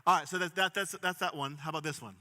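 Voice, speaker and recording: Bright-voiced pastor in a reverberant hall. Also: male voice, fairly high pitch, quick pace. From Pittsburgh, USA. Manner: storytelling, jokey, works the crowd. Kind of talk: sermon. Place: large church hall.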